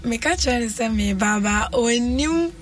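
A young Ghanaian woman in her twenties answers briefly and politely as a talk show guest. Her voice is somewhat high and breathy, a bit away from the mic. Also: lively intonation, moderate pace, distant mic. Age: 20s.

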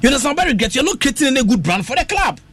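A Ghanaian man with a strikingly high, husky voice argues about football on radio. He talks quickly, with a lot of pitch movement, and slips into sing-song phrases. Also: very animated, fairly bright tone. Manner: passionate, switches between English and Twi, sing-song phrases. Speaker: radio sports talk panelist. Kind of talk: animated radio sports talk.

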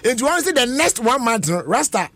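A man's voice: very high-pitched, big pitch swings, moderate pace, a bit bright, no echo. A man with a Ghanaian accent hosting a casual radio chat, laughing often and mixing two languages. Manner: chatty, laughs often, mixes Twi and English. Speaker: radio host.

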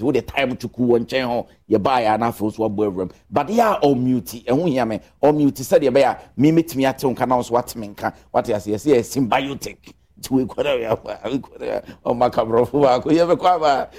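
Energetic man hosting. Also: mid-range voice. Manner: energetic, switching between Twi and English. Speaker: host. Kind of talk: lively show opening.

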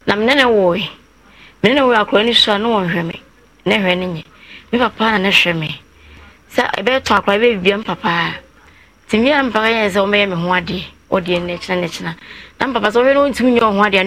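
A woman's voice: mid-range voice, a bit bright. Woman recounting a family story. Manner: long, winding telling that acts out others' words in quotes. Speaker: guest telling her story. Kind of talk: personal account on a talk show.

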